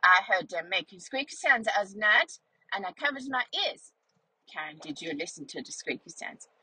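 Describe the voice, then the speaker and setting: A woman as a chatty, breathy schnauzer dog. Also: medium pitch, lively intonation, normal speed, pushed and bright, exaggerated voice, low-quality recording. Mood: playful. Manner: childlike, rambling and playful. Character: cheerful chatty young female schnauzer dog. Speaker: vlog narrator in character. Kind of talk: storytelling in character.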